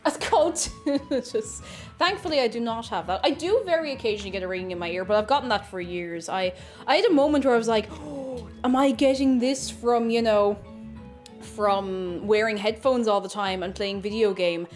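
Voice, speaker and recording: A woman's voice: on the high side, moderate pace. A young woman hosting a live baking stream in her home kitchen. She chats casually, reads viewers' messages aloud and hums while she works. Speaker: livestream host baking. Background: background music.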